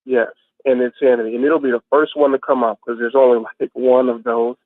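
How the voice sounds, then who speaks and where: A man, an author, plugging his book eagerly in a casual chat and spelling details out slowly. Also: mid-range voice, level tone, dry recording. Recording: tinny phone-line audio, dry.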